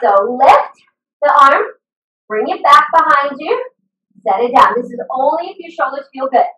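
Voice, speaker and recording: A woman's voice: high voice, lively intonation, moderate pace, bright, forceful tone, recorded from a distance. A woman fitness instructor leading a live online workout, upbeat and encouraging, cheering her class on with whoops. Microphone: video call computer mic. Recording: echoey room, voice a bit off-mic.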